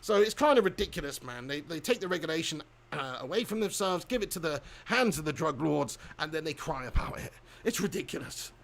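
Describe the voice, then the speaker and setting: A man's voice: a little high, animated, fairly quick, vocal fry. A man hosting a live stream, chatting casually and giving rambling, opinionated views with repeated words. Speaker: host of a live match watch-along.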